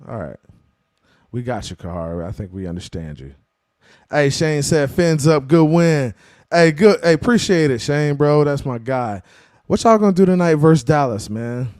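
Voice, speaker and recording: A man in the middle of his voice range, hosting a post-game sports live stream. He talks in a loose, slangy way, greeting viewers and answering their chat messages with plenty of energy. The sound is dry, with no room echo. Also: mid-range voice. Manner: slangy, animated, calls viewers "bro" and "man".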